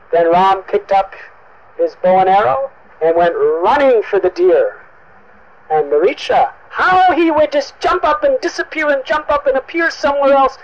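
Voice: high voice, muffled recording, a little hiss or hum. A storyteller dramatically recounting an epic in a vivid, emphatic manner. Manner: vivid, emphatic, repetitive for effect.

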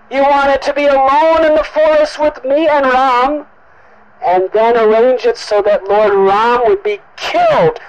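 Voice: high voice, fairly bright tone, a little hiss or hum, pitched above the performer's own voice, poor audio. A storyteller voicing an eager, insistent young princess who pleads and demands. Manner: eager, insistent, turning to angry accusation.

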